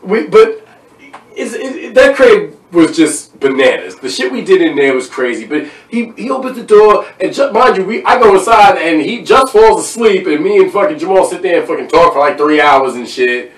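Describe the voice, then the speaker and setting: A young man with a high, bright-sounding voice tells stories in a loose, animated way, slipping into other people's voices. He sounds set back from the mic in an echoey room, with the sound bouncing off the walls. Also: moderate pace, distant mic. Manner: animated storyteller, acts out voices and laughs. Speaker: podcast host. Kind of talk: casual chat.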